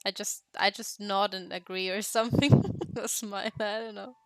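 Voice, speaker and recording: A woman's voice: mid-range voice, steady tone, normal speed, clean tone, no echo. Young woman, giggly casual streamer. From Germany. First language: German. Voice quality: laughs often, swears freely, rambling. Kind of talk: casual chat while drawing.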